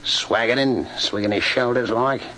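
An actor playing a boastful, scheming thief in an old-time radio drama, swaggering and chuckling. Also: male voice, mid-range voice, fairly even intonation, moderate pace, bright, forceful tone, a little hiss or hum, natural voice, low-quality recording. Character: boastful scheming male thief, cockney-style crook.

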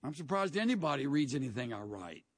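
Husky-voiced pastor preaching with folksy humor. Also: male voice, medium pitch, big pitch swings, fast. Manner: folksy storytelling, dry humor. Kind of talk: sermon.

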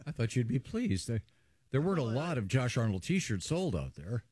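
Radio host, male, very lively pitch, dry close studio sound, reads letters with mock outrage. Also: normal speed, no echo. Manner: reads listener letters aloud, mock-indignant. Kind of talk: casual comedic radio banter.

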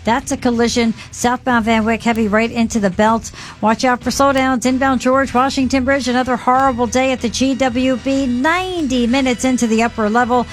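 A woman reading the morning traffic on the radio, rattling off highways and delays in a brisk, crisp, rapid delivery. Her voice sits fairly high, with a faint music bed playing underneath. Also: steady tone. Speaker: traffic reporter. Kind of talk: rapid scripted traffic report.

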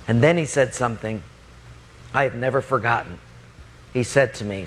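Middle-aged male pastor, sermon, animated storytelling, average pitch, faint background hiss. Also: moderate pace, pauses often. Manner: animated, raises voice sharply for quoted speech.

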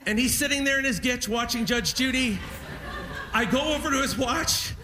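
A man doing stand-up comedy, telling a story with animated energy and acting out quotes. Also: very high-pitched, moderate pace, a crowd in the background. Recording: live stage with loud audience noise.

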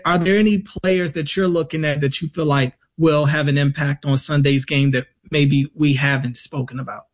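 A man co-hosting a casual sports chat, winding his way through a question and rephrasing as he goes. His voice is a touch high. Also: fairly even intonation, normal speed, few pauses. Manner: meandering, rephrases as he asks. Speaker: co-host.

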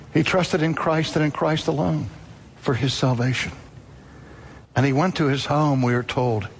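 A man preaching a sermon, telling a story dramatically with sudden rises and drops in pitch. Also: in a large hall, a little hiss or hum.

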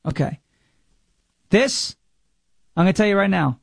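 Sarcastic high-voiced male talk host. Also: animated, moderate pace, vocal fry, pauses often, no room sound, studio quality. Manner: sarcastic, mocking, plays clips. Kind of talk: mocking political commentary.

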